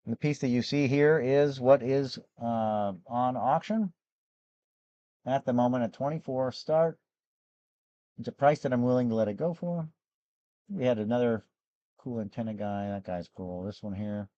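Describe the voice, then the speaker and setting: Man, hoarse, losing his voice, rambling live-stream seller, warm tone, dry close sound. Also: medium pitch, unhurried, long pauses, no room sound, highs cut off. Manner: rambling, chatty, with restarts. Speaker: gem and fossil seller hosting a live show. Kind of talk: casual live-stream sales chat.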